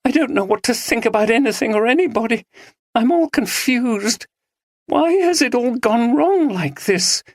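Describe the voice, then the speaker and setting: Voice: expressive, no echo, studio quality. A narrator voicing a sobbing young woman. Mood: tearful. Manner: high, trembling, rushed pleading. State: crying. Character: distraught young woman, tearful and frantic.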